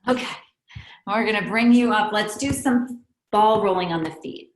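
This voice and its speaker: A woman with young kids teaching a pilates class. She gives calm counted breathing cues and adds chatty asides. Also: medium pitch, normal speed. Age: adult with young kids. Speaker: pilates instructor. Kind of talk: guided fitness class instruction. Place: fitness studio. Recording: echoey room.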